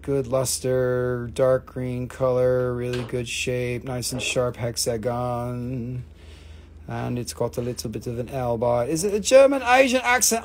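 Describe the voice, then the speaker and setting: A husky, high-voiced man sells rocks in a casual live-stream auction. He jokes, swears, and calls out to bidders as a mineral seller.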